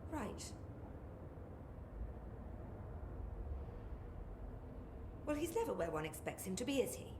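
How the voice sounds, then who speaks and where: A sardonic British scientist, dry and clipped. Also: male voice, high-pitched, sing-song, fast talker. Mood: sarcastic. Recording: game audio with roomy echo and noise.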